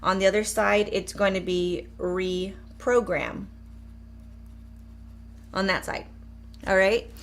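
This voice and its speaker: A woman coach in middle age with an upbeat, encouraging way of talking. She speaks straight to her listeners and shifts to a softer tone for a brief eyes-closed exercise. Her voice sits at an ordinary pitch for a woman. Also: level tone, takes it slowly, pauses often, slight background noise. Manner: upbeat, encouraging, talks directly to viewers. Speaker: mindset coach. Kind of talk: live coaching demonstration.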